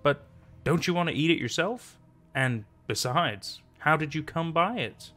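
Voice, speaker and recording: A man's voice: on the high side, expressive, a little slow, a bit bright. A man voicing a nervous, proud young student in a read-aloud story, polite and hesitant. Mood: uneasy.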